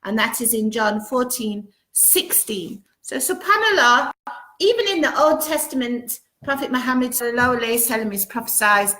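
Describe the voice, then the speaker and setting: A woman's voice: fairly high pitch, animated, moderate pace, pushed and bright. A woman hosting a casual live-stream chat from home, greeting viewers one by one and reading out their comments. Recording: roomy echo.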